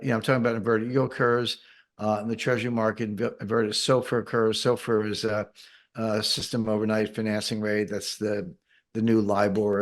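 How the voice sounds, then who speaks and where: A man explaining economics in an interview, patient and methodical, with dry sarcastic asides. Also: on the low side. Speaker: guest economic commentator. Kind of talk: interview answers.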